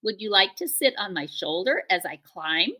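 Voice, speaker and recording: A woman voicing a calm, polite female robot mother who speaks in formal, measured sentences. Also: medium pitch. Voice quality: gentle, formal, measured speech.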